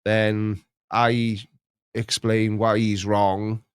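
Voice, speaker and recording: A man hosting a casual chat, reading viewer comments in a rambling, mocking, animated way. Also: on the low side, very slow, clean tone, dry recording. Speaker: host reacting to viewer comments.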